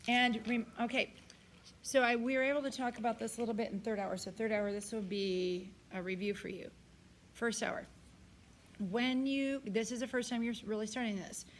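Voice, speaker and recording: A woman's voice: medium pitch, a little hiss or hum. A woman choir teacher with a tired voice, giving directions to singers and singing short phrases to show how they go. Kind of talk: recorded choir rehearsal lesson.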